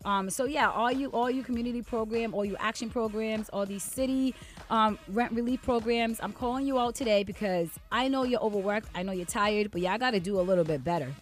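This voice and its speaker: A woman's voice: on the high side, brisk, faint music behind. A woman co-hosting a radio show, earnestly calling out community programs in a conversational monologue.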